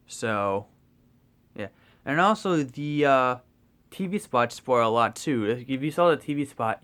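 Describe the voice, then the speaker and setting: A young man talks through a movie in a loose, rambling way, tripping over restarts and fillers. He sounds excitable and drops the odd swear. His voice sits at an ordinary middle pitch. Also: clean tone. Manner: swears casually. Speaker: movie vlogger. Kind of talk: casual spoiler review.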